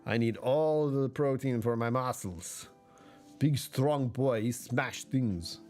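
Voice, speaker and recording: A man voicing a dim, boastful muscle-bound man who talks in slow, broken caveman grammar. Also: medium pitch, darkish tone, faint music behind, pitched above the performer's own voice, close to an everyday voice.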